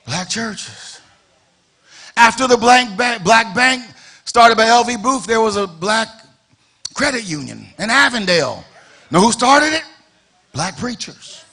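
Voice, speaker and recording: Guy preaching from the pulpit, kinda high voice, repeats himself n hollers the big points. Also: lively intonation, moderate pace, gravelly. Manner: rhetorical questions, repeats phrases, builds to shouted emphasis. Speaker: pastor. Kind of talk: preaching a sermon. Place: church sanctuary.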